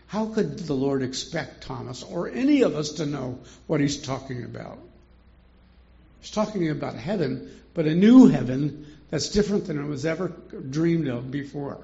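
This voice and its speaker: Older male Bible teacher, gravelly and a bit high, informal and chuckling, muffled lo-fi recording. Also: mellow. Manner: chatty, rhetorical questions, chuckles often.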